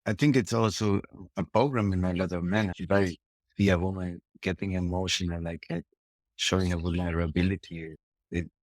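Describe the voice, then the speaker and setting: A man talks in halting, searching phrases. He restarts his sentences as he reaches for the right word. The sound is close and dry, with no room echo. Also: low-pitched, fairly even intonation. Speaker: tantra and yoga teacher, podcast guest. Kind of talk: conversation, then guided meditation.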